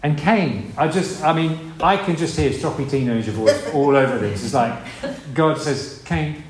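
Recorded in an echoey space with faint ambience, a man with a rather high voice delivers a sermon at normal speed. He talks like he's chatting, poses rhetorical questions, and performs different voices.

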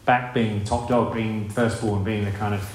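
A man with a lowish, steady voice preaches a sermon at a normal speed, keeping it conversational with rhetorical questions and acted-out voices. The room is echoey, with faint ambient sound.

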